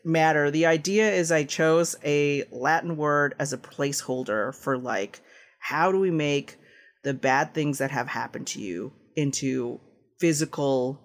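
A man's voice: fairly high pitch, a little slow. A man speaking as a guest game designer on a podcast, talking casually, with frequent fillers and easy laughter. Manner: rambling, peppered with "like" and "um", laughs often.

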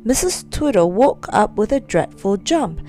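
A woman reading a children's story aloud, expressive and storytelling. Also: medium pitch, measured pace, faint music behind.

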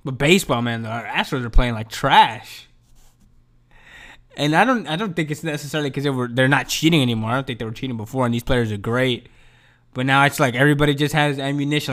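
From home, a man hosts his own podcast as a fast-paced, rambling, profane solo rant. He drops into low mumbles, then rises into excited outbursts.

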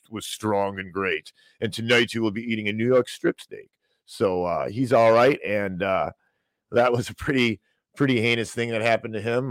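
A man's voice: medium pitch, no echo. A man hosting a podcast, ranting about the week's financial news with sarcastic, mocking, theatrical outrage. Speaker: podcast host.

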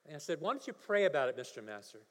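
A man's voice: fairly high pitch, very animated, rapid-fire, a bit bright. A male pastor preaching a sermon, telling a story and building to emphatic preaching. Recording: long hall reverb.

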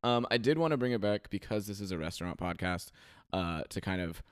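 Low-voiced man hosting a podcast. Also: animated, fairly quick, no room sound, clean studio sound. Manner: rambling, filler-heavy, joking. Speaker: podcast host. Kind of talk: casual chat.

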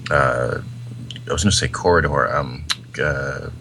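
A man's voice: very deep voice, measured pace, bright, forceful tone, a little hiss or hum. A man co-hosting a podcast, chatting casually about films in a rambling, enthusiastic way with lots of fillers. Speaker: podcast co-host. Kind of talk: casual film chat.

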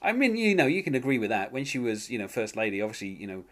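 A man's voice: mid-range voice, big pitch swings, quick pace, a bit bright. A man hosting a casual podcast chat, talking with many fillers and restarts. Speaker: podcast host.

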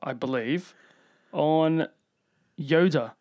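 Brief: man, podcast co-host, high voice, laughs a lot, loose rambling delivery. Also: extremely slow, darkish tone. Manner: jokey, laughs often, trails off mid-sentence. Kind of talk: casual podcast chat.

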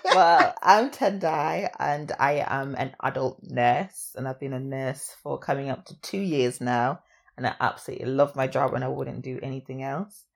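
Low-voiced woman podcast co-host. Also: moderate pace, gravelly. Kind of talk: casual chat.

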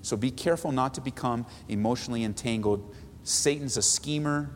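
A man, a pastor, preaching an animated, emphatic sermon in a church hall. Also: medium pitch, fairly quick. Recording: echoey hall, faint noise.

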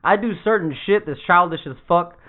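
A man with a high voice tells jokey stories in casual podcast banter. He swears freely and laughs often. The sound is thin and phone-like. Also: fairly quick.

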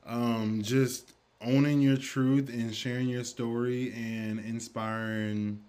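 A man's voice: mid-range voice, level tone, slow pace, dark tone, clear, resonant tone. A man hosting a podcast, speaking in a candid, affirming, chatty way during a casual interview conversation. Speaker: podcast host.

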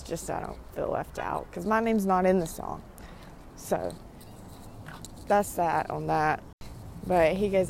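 A woman's voice: deep voice, darkish tone, a little hiss or hum. A young woman in her twenties vlogging a casual, meandering monologue full of "like" while pacing outside in a parking lot, talking into her phone.

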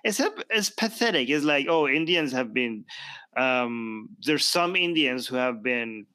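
A man hosting a podcast, talking in a lively, argumentative way and asking pointed rhetorical questions. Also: medium pitch, measured pace, no room sound. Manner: animated, laughs often, rhetorical questions. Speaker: podcast host. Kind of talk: casual debate chat.

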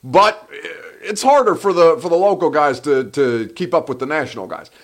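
A man hosting a solo live sports talk show, animated and rambling, often breaking off mid-sentence. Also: a little high, normal speed. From Egyptian heritage. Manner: animated, rambling, self-interrupting.

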